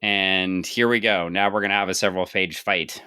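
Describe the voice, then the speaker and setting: A man's voice: low-pitched, fairly even intonation, moderate pace, bright, forceful tone, smooth, no room sound, clean studio sound. A man co-hosting a casual comic-book podcast, recapping the plot with wry, sarcastic asides. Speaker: podcast co-host.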